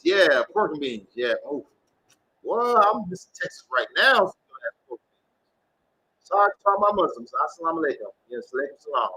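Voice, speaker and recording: A man's voice: on the high side, bright, forceful tone, breathy edge, rough recording. A man hosting a tarot reading livestream, chatting casually and rambling, swearing often as he reads out viewers' comments.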